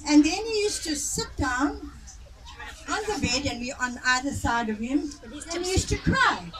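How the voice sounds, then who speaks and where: A high-voiced South African woman tells family stories at a reunion and keeps breaking into laughter. She is caught on a phone from some way off, with a chattering crowd close around her. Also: expressive, normal speed, far from the mic, poor audio. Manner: laughs often while telling the story. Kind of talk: casual family storytelling. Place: outdoor family gathering. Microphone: phone recording from a distance.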